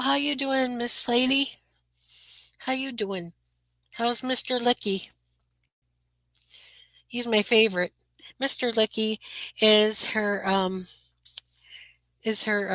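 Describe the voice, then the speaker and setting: Bright-voiced woman chatting on a livestream. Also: mid-range voice, dry recording, poor audio. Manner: chatty, greets viewers by name, many fillers. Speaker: livestream host. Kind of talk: casual live chat with viewers. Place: her own room.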